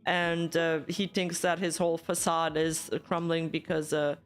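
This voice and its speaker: A woman with a lowish voice hosts a relaxed online chat. She backs up her guest with short supportive replies, and soft music plays behind her. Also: unhurried, clear, resonant tone. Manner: supportive, frequent short backchannels. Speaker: host, VTuber interviewer. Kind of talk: casual interview chat.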